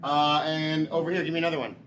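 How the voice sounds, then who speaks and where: High-voiced man hosting an improv show. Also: little pitch movement, fast talker, fairly bright tone. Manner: chatty, laughing, hesitant fillers. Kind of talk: live comedy emceeing. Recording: noisy live stage recording.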